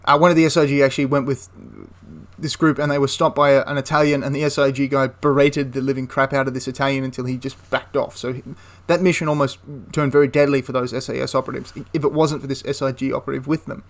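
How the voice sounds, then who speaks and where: A man's voice: mid-range voice, level tone, fast talker. A man casually retelling a wartime story for a history channel, rambling with frequent restarts and asides.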